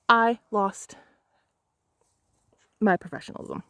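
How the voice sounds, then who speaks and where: A woman's voice: fairly high pitch, animated, normal speed, no room sound. A young adult woman photographer retelling a client story in an angry storytime vlog, heated, emphatic and profane.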